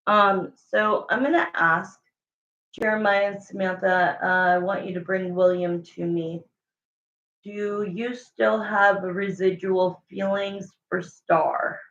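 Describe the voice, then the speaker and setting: A woman's voice: medium pitch, fairly even intonation, takes it slowly, a bit bright, a little hiss or hum. A woman giving a live tarot reading, thinking aloud as she pulls cards and repeating her questions to the cards. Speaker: tarot reader. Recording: roomy, dull lo-fi sound.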